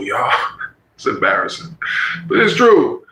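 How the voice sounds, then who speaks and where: A man's voice: mid-range voice, big pitch swings, a little slow, pauses often, pushed and bright, roomy sound, low-quality recording. A man in his forties telling a personal story in casual, slangy talk, acting out the voices he quotes.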